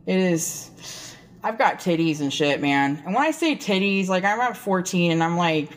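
A woman's voice: lowish voice, animated, moderate pace. A woman co-hosting a podcast, telling a rambling, profane story in casual chat. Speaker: podcast co-host.

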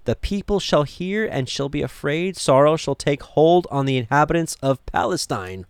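A man's voice: a little high, lively intonation, moderate pace, hardly any pauses, smooth, no echo, clean studio sound. A man teaching from the Bible, reading verses aloud with rising emphasis and adding pointed asides. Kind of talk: scripture reading and commentary.

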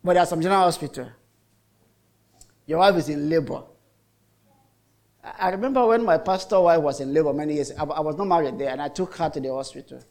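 A man's voice: on the high side, quick pace, pauses often, darkish tone. A middle-aged Nigerian man preaching a sermon as a pastor, telling stories in a chatty way with lots of repetition. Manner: chatty storytelling with repetitions and mock voices.

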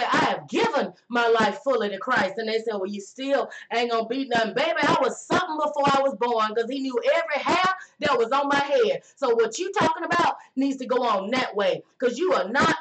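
A woman preaching a lively, folksy sermon, calling out to listeners and slowing down to stress key words. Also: high voice, background noise. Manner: folksy, call-and-response, drawn-out emphasis.

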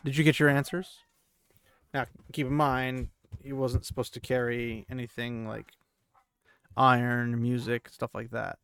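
Chatty man with a gravelly voice. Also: mid-range voice, flat delivery, measured pace, fairly bright tone, no echo, clean studio sound. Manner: chatty, joking asides. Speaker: podcast host. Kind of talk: casual book recap podcast.

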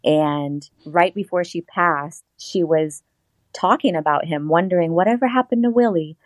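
A woman's voice: on the low side, moderate pace, no room sound. A woman guest telling a personal story in casual interview talk, acting out the voices she quotes.

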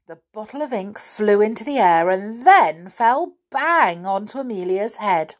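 A woman reading a children's story aloud with lively expression. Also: mid-range voice, unhurried, few pauses.

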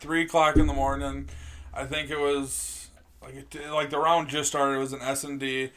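A man's voice: medium pitch, flat delivery, moderate pace, a bit bright. A young man hosting a casual gaming chat with a friend, swearing freely and laughing as he tells stories. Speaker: podcast host.

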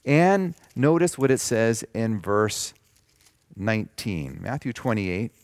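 A man preaching a sermon, reading scripture slowly with emphasis and explaining it in simple terms. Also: lowish voice, animated, darkish tone, no echo. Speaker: pastor.

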